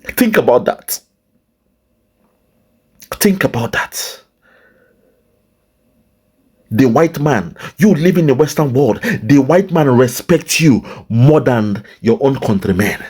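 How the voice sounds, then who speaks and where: A man's voice: mid-range voice, expressive, slow, darkish tone, husky. A Nigerian man giving impassioned political commentary, sighing and repeating phrases as he talks.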